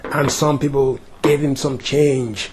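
A man's voice: medium pitch, fairly even intonation, slow pace, breathy edge. A male preacher giving an emphatic sermon with dramatic storytelling.

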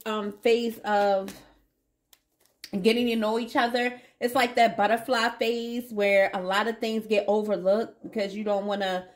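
A woman reading tarot for her audience in a loose, chatty way. Her voice sits a little higher than most, and she keeps slipping in playful asides and pet names for her viewers. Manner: chatty, playful, addresses viewers as baby and y'all. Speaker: tarot reader.

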